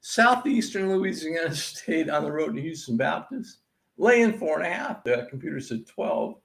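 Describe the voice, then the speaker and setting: A man's voice: a little high, expressive, moderate pace, gravelly, a bit bright. A man hosting a sports-picks recap, going over college basketball scores in an exasperated, sarcastic rant. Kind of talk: ranting sports betting recap.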